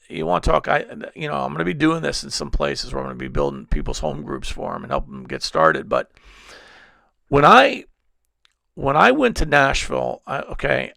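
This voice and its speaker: A man's voice: fairly high pitch, gravelly, sharp tone, dry recording, studio quality. A male pastor preaching a sermon at a church service, telling stories in a rambling way with many restarts.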